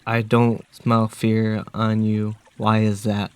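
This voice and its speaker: A man voicing a huge menacing talking wolf, delivering threats in a flat, measured way. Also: fairly low pitch, smooth.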